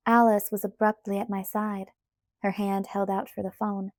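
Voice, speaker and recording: A woman reading a novel aloud in the first person, with measured, even storytelling on a close mic. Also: medium pitch, dry recording. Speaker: audiobook reader.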